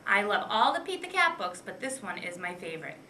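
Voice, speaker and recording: A woman's voice: medium pitch, very animated, brisk, sharp tone, a little hiss or hum, low-quality recording. A woman first grade teacher presenting a favorite picture book. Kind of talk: book talk.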